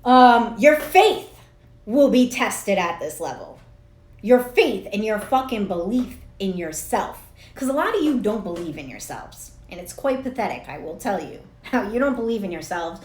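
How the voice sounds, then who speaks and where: A woman's voice: mid-range voice, very animated, normal speed. A woman in her thirties, a spiritual coach talking straight to camera in a casual, rambling way, swearing freely and laughing at herself. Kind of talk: casual direct-to-camera monologue. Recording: echoey room.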